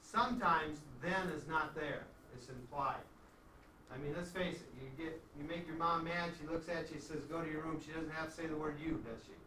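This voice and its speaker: A man's voice: fairly high pitch, moderate pace, bright, forceful tone, a little hiss or hum. A man teaching a math class in a conversational way, often checking in with his students. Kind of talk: classroom lecture. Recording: echoey classroom from far off.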